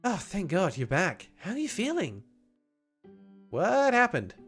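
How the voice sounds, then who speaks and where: A woman voicing a kindly young woman babysitter in a game, gentle and soothing. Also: mid-range voice, wildly swooping pitch, unhurried, husky, soft background music, heavily acted. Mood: caring.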